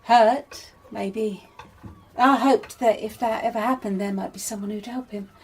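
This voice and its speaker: An actress playing a kindly, shrewd middle-aged mother who chats warmly and probes gently in a radio drama. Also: mid-range voice, steady tone, unhurried, slightly rough. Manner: warm, chatty, gently probing.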